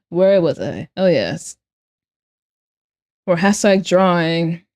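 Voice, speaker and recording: A woman's voice: lowish voice, huge pitch swings, extremely slow, a little mellow. A young woman livestreaming as she draws, chatting playfully and answering her viewers' messages aloud. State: out of breath. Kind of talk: casual livestream chat while drawing.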